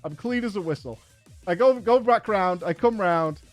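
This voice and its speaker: A gaming streamer with a high voice tells a story with lively, swearing exasperation. His voice sounds close and dry, with faint music underneath. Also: moderate pace, dry recording. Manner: animated, profane, exasperated storytelling. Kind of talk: casual anecdote on a live stream.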